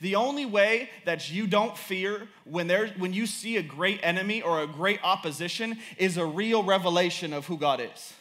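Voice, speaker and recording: A young man preaching a sermon in an animated, repetitive style, laughing as he tells stories about his daughter. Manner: animated, repetitive, quick to laugh and rise in pitch.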